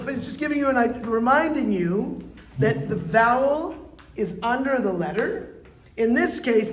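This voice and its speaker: A man, a rabbi, teaching a live classroom lesson in a chatty, playful way and coaxing his students to answer. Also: very high voice. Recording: echoey room with faint ambient noise.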